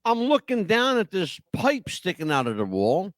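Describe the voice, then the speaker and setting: A man with a high voice and wildly swooping pitch talks at normal speed while co-hosting a live podcast and reading chat messages. He's rowdy, swears freely and keeps filling gaps with "you know," with no room sound on the recording.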